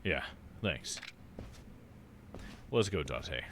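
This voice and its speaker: A man's voice: rumbling low, animated, very slow, noisy background. A man streaming a video game live, chatting casually and muttering along with the game.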